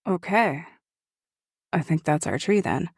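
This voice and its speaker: A woman's voice: lowish voice, expressive, a little slow, slightly rough, dry recording, studio quality. Blunt swearing woman at a game table. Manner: profane, blunt. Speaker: player. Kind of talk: casual tabletop game play.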